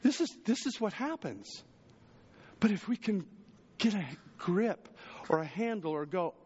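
A man preaching a sermon as pastor, chatty with the congregation, jumping to loud exclamations and dropping to hushed asides. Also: very animated, a little slow, pauses often, in a large hall, muffled recording, slight background noise. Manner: conversational preaching, swings between raised exclamations and hushed low asides.

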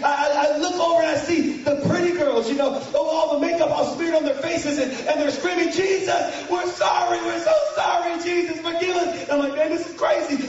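A man preaching a storytelling sermon in a large church hall, animated and often breaking into shouting and snatches of song. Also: extremely high pitch. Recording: echoey hall from far off, dull sound.

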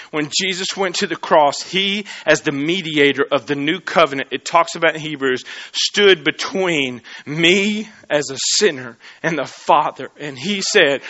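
A man preaching a sermon, swinging between loud emphatic peaks and low hushed stretches.

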